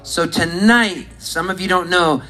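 A man performing live, telling a rambling, deadpan story to an audience and breaking into laughs now and then. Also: high voice, a little slow, rough recording. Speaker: musician and comedian on stage. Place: stage at a live show. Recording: live recording with loud crowd. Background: audience laughing, guitar.

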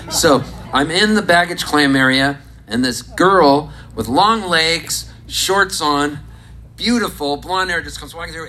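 A man performing live, telling a rambling, deadpan story to an audience and breaking into laughs now and then. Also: fairly high pitch, slight background noise, rough recording. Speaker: musician and comedian on stage. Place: stage at a live show. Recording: live recording with loud crowd. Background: audience laughing, guitar.

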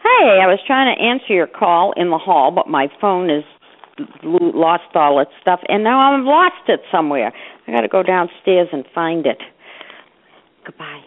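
An older woman rambles fondly through a voicemail message, her fairly low voice rising and dipping in wide, lively swings. The sound is narrow and boxy, as if heard through a telephone line. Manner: chatty, rambling, affectionate. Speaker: mother leaving voicemails.

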